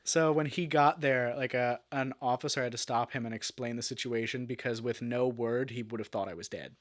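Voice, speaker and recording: A man's voice: mid-range voice, fairly quick. Man telling a story with restarts. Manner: animated storyteller, many fillers and restarts. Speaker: guest, actor. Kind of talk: casual interview storytelling.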